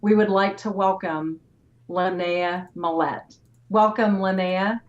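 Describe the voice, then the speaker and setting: A woman's voice: mid-range voice, fairly even intonation, slow pace. Effusive woman host, lo-fi sound. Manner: effusive, admiring. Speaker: talk show host. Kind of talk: reading a guest introduction. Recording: dull lo-fi audio.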